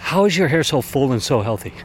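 A man with a fairly low voice quoting an adult woman friend who eagerly and insistently presses him with questions. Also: lively intonation, fast, a little hiss or hum, natural voice.

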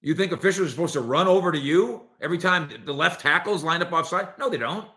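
A man hosts a sports opinion show, speaking fast in a fairly high voice. He's animated and sarcastic, and he acts out quotes from players and coaches.

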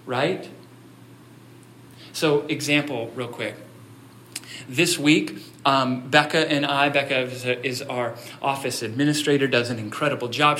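Pastor delivering a sermon: a slightly high, unhurried man, chatty storytelling that climbs into emphatic appeals. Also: bright, forceful tone, slight background noise.

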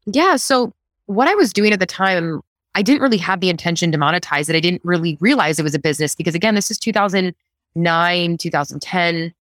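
A woman guest in a casual interview, telling her story with laughs and acting out quotes in a higher voice. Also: a little fast, no echo, clean studio sound. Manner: animated, laughs often, acts out quotes in a higher voice.

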